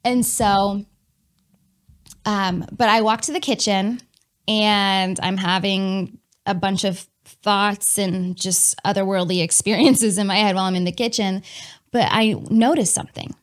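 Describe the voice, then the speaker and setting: A woman telling a personal testimony in a candid, animated way, talking to her listeners as y'all and laughing between lines. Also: medium pitch, unhurried. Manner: chatty with many fillers and laughs.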